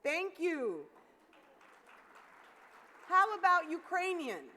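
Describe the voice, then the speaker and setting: In a big conference hall with long reverb, a woman keynote speaker talks extremely slowly in a very high, sing-song voice with a bright, forceful tone. She's upbeat and interactive, urging the crowd to call out greetings.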